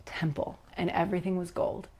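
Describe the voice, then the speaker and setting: A leadership coach appears as a podcast guest to share a personal spiritual story. Her voice is on the low side, brisk and slightly rough, and she speaks in an animated, earnest way full of "like" and "you know."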